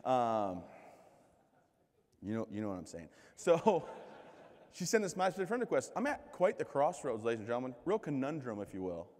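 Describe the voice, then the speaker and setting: A man in his thirties from the United States giving a keynote speech as a string of comic stories, joking and poking fun at himself, with lively voices for the people he quotes. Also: medium pitch, normal speed. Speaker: keynote speaker. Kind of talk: comedic storytelling speech. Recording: reverberant hall.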